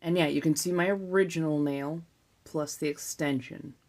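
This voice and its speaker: A woman with a Californian accent, chatting casually on a live stream, laid-back and swearing freely, now and then dropping into soft whispers. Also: sits low, fairly even intonation, moderate pace. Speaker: ASMR streamer.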